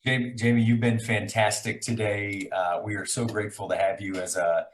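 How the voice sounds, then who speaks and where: A man moderating a club meeting, halting and effusively grateful, on a video call. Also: fairly low pitch, flat delivery, slight background noise. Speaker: club member hosting the guest segment.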